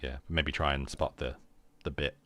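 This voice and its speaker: A man's voice: rumbling low, steady tone, normal speed, sharp tone. A man playing a tabletop game, talking casually with stammering restarts. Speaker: player.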